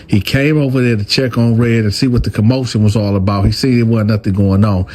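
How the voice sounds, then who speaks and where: Animated male storyteller talking to viewers. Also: lowish voice, fast talker. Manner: animated, talks straight to viewers. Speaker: storyteller, channel host. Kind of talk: casual storytelling.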